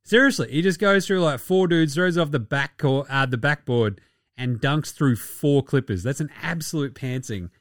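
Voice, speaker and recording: A man's voice: fairly high pitch, normal speed, no echo, clean studio sound. An Australian man hosting a casual sports podcast, talking in a rowdy, profane and mocking way. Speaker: podcast host.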